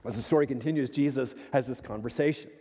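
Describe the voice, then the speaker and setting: A man preaching a sermon in a church, emphatic and animated, with rhetorical questions to the congregation. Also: mid-range voice, fast talker, breathy edge. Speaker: pastor. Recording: long reverb of a large hall.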